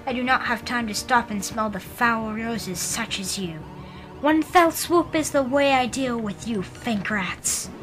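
A woman voicing a crazed little male villain henchman who rants loudly in mangled grammar. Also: a little high, measured pace, music in the background, lightly acted, low-quality recording. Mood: taunting. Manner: loud ranting with mangled grammar.

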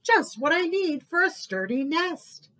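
A woman's voice: extremely high pitch, very animated, measured pace, fairly bright tone, voice pushed up, full character voice. A woman voicing a delighted little bird in a children's storybook, with chirpy exclamations.

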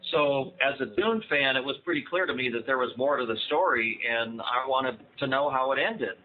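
An American man in his fifties speaks as a guest author in a casual interview. He is enthusiastic and rambling, and he often restarts his phrases. His voice comes through a thin, phone-like line with faint hiss. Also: medium pitch. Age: 50s. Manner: enthusiastic, chatty, many restarts. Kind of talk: casual interview over a call.

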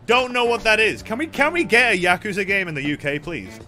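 A man's voice: high-pitched, expressive, fairly quick, hardly any pauses, sharp tone, faint music behind. A young man streaming a video game, swearing a lot, joking and reading the dialogue aloud. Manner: sweary, playful, reads game text aloud. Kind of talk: let's play commentary.

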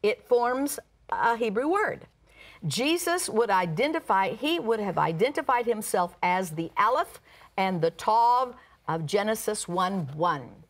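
Woman, pastor, Bible teaching, mid pitch, reads verses aloud, "uh" fillers. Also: very animated, unhurried. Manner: reads scripture aloud, explains words; uses "uh" fillers.

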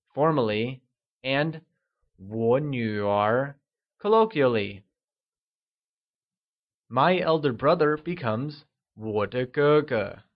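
Slow, deliberate male language teacher. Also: mid-range voice, highs cut off. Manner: slow, deliberate, models words for repeating. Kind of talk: scripted language lesson narration.

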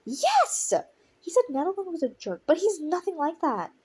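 A woman's voice: very high voice, wildly swooping pitch, moderate pace, a little mellow, pitched above the performer's own voice, full character voice. A woman voicing a worried young she-cat who insists on defending her mate, in a read-aloud story. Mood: insistent.

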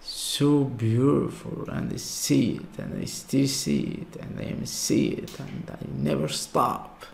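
A man from Algeria with an Algerian accent, reacting to a video in awed, halting English with many exclamations. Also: mid-range voice, sing-song, gravelly, slight background noise. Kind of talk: casual reaction commentary.

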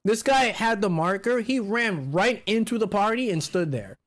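A man co-hosting a podcast, chatting casually and telling animated, profanity-laced stories. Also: sits high, moderate pace. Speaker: podcast co-host. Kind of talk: casual chat.

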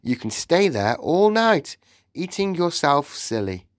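A man's voice: fairly high pitch, very animated, slow, no room sound, studio quality, voice pushed up. A man voicing a sensible young boy who has been turned into a mouse, explaining things patiently and matter-of-factly in an audiobook.

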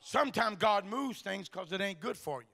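A man's voice: high voice, animated, moderate pace, creaky, bright, forceful tone, a faint crowd. A man preaching a sermon in a church, telling folksy stories and acting out the dialogue. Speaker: pastor. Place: church sanctuary.

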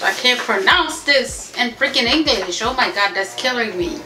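A woman's voice: a little high, measured pace, reverberant, over music. A woman from Haiti doing a casual beauty unboxing at home, chatty and gushing, calling her viewers y'all. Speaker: beauty vlogger. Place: home room with family noise around.

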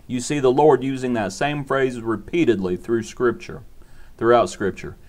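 A man's voice: mid-range voice, fairly even intonation, normal speed, darkish tone. A man preaching a short devotional sermon in an earnest, repetitive cadence.

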